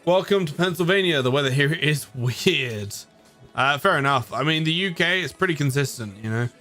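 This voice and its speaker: A man's voice: medium pitch, moderate pace, sharp tone, soft background music. A man with an English accent, from the United Kingdom, chatting casually on a live stream, tired, rambling and often chuckling at himself.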